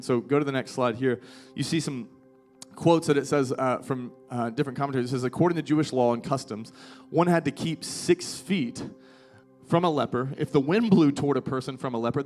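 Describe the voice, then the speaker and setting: A man in his thirties, a pastor giving a live sermon in a casual, conversational way that grows emphatic. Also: medium pitch. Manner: conversational preaching, rising to emphatic. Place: church hall with live audience.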